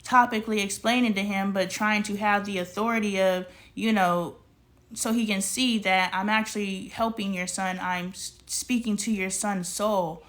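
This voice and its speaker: A woman talks straight to her audience in a casual storytime monologue. She is an animated storyteller who acts out both sides of a conversation and drifts into spiritual, preachy asides. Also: mid-range voice, normal speed. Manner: animated storyteller acting out dialogue. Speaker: vlogger.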